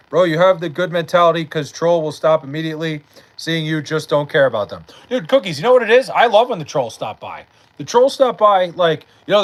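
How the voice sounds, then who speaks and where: A man's voice: fairly high pitch, poor audio. A young man chatting casually on a late-night livestream, reading chat aloud and bantering with loose, profane talk. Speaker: live streamer.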